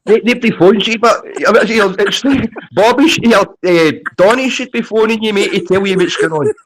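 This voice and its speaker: A man in casual chat, calm and reasoning, reassuring his friend. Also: high voice, a little fast, slight background noise, poor audio.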